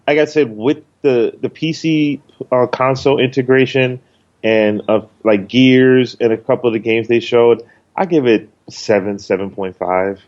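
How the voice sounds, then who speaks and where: A man's voice: mid-range voice, steady tone, a little slow, darkish tone, highs cut off. A man co-hosting a podcast, talking loosely and rambling with lots of ums and casual swearing. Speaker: podcast co-host.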